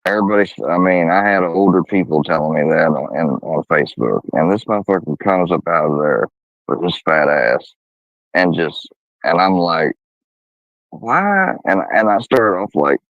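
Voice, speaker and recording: A man with a lowish voice tells a story in casual talk, swearing freely and getting heated. The sound is dull and lo-fi, dry and close. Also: normal speed, no room sound. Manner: profane, heated, quotes others in a raised voice. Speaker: guest telling a story.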